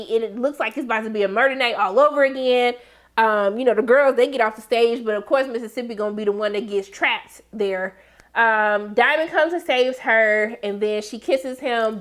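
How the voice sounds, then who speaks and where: A woman giving a casual, slangy recap and review of a TV episode, breaking into high exclamations.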